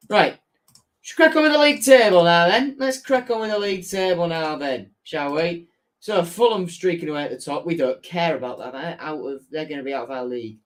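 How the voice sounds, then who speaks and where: Young man, Hull accent, slightly high voice, casual live-stream chatter, reads chat aloud. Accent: Hull, Yorkshire. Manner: chatty, reads out chat messages, self-correcting. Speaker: football fan channel host.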